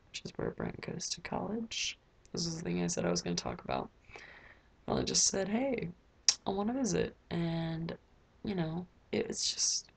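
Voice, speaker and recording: A woman's voice: on the low side, vocal fry, breathy edge. A teenage girl recording a casual video diary in her bedroom, rambling with lots of filler words. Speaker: vlogger.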